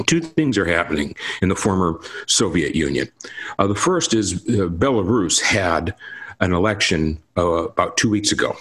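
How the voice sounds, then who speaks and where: A man's voice: low-pitched, animated, moderate pace, fairly bright tone, husky. A man giving emphatic commentary on politics in a lecturing, insistent manner. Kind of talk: political discussion.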